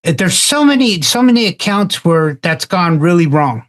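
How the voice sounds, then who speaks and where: A man in a casual roundtable discussion, telling a story in a halting way and often repeating words. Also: high voice, big pitch swings. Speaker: roundtable participant.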